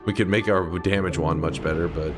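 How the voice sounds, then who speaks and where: A man's voice: sits low, steady tone, brisk, music in the background. A man giving casual gameplay commentary as a streamer, rambling, thinking aloud and answering chat.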